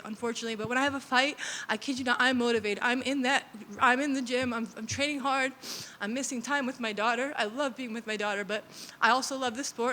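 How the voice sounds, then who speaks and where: A woman in her thirties speaks openly and emotionally after a fight, her voice bright and a bit high. She rambles and restarts as she talks. The sound carries a long reverb. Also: a little hiss or hum. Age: 30s. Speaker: professional fighter. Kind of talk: post-fight press interview.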